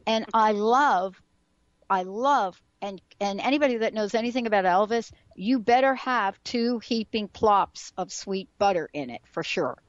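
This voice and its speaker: A woman's voice: mid-range voice, lively intonation, unhurried, no room sound, muffled recording. A woman hosting a radio talk show, chatty and effusive as she introduces her guest. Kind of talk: radio interview.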